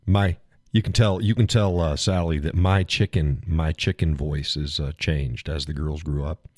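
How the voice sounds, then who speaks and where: A man's voice: extremely low pitch, fairly even intonation, normal speed, darkish tone, no room sound, studio quality. A man hosting a live stream, chatting casually with viewers in a rambling, folksy way and chuckling often.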